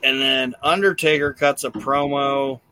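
A man hosts a casual podcast recapping wrestling shows, rambling with lots of cursing and fillers. His medium-pitched voice is fairly even, a little slow, bright, and forceful, with a bit of hiss or hum.

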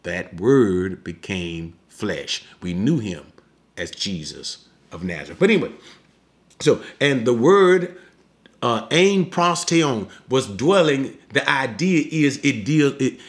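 A man preaching a teaching sermon on scripture, emphatic and slowing down to explain key words. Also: medium pitch, expressive.

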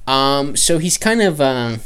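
Brief: male game master, casual, halting delivery. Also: medium pitch, sing-song, a bit bright, clean tone. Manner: hesitant, many fillers and restarts. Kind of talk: narrating a tabletop game.

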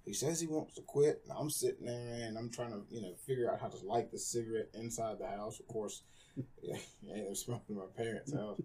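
Husky low-voiced man telling his story. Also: a little fast, mellow. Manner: candid, rambling, with many fillers. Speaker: guest. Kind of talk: candid personal storytelling in a conversation.

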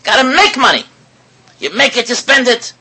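Animated, husky-voiced male preacher. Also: extremely high pitch, normal speed, low-quality recording. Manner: animated, full of rhetorical questions, repeats words; mixes in Hebrew and Yiddish words. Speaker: rabbi giving a talk. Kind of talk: sermon to an audience.

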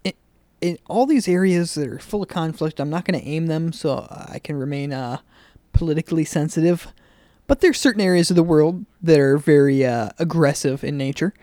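A man co-hosting a comedy podcast, riffing a rambling, improvised pitch with many pauses. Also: warm tone, no echo, clean studio sound. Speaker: podcast co-host.

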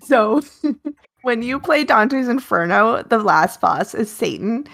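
A woman's voice: a little high, takes it slowly, vocal fry, a bit bright. Laughing woman co-host telling a story. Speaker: podcast co-host. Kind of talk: casual chat.

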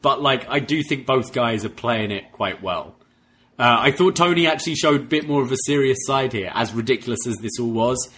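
A man co-hosting a podcast in casual chat, recapping scenes in a relaxed storytelling way. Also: mid-range voice, fairly quick. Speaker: podcast co-host.

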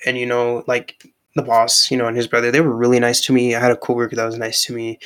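A man's voice: mid-range voice, monotone, fast talker, fairly bright tone, smooth, low-quality recording. A young man telling a story in casual chat, rambling with lots of filler words, calling the listener bro, on a laggy online call. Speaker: podcast co-host.

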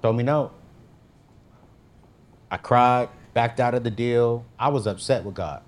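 A man's voice: mid-range voice, a little slow. A man speaking as a guest, telling a personal faith story in a casual, slangy way and acting out his own quoted lines with big jumps in his voice. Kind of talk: animated storytelling testimony.

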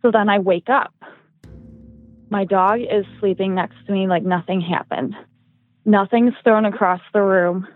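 A young woman guesting on a casual podcast shares a personal story, rambling and filling it with "like" and "um." Her mid-range voice has fairly even intonation and a measured pace broken by long pauses, recorded with a tinny, dry, phone-like sound.

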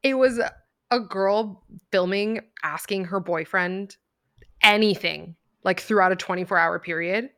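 A woman's voice: medium pitch, unhurried, a bit bright. A blunt woman co-hosting a podcast, speaking in a mid-range voice. She chats casually and swears freely in an unfiltered way. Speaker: podcast co-host. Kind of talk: casual chat.

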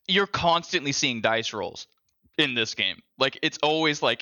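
A man's voice: mid-range voice, lively intonation, measured pace, sharp tone, muffled recording. A man co-hosting a casual gaming podcast, telling profane, laughing stories. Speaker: podcast co-host.

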